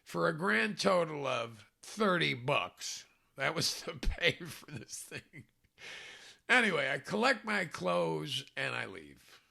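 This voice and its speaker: A man's voice: fairly high pitch, big pitch swings, slow pace, gravelly, bright, forceful tone. A man casually telling a self-mocking story, chuckling often as he talks. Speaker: storyteller recalling a film job.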